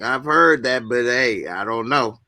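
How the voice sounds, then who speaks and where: A man's voice: expressive, unhurried, bright, forceful tone, dry recording. A man hosting a live talk show, chatting loosely and joking. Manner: loose and joking, breaks into high falsetto singing. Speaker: show host. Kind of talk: casual chat on a live show.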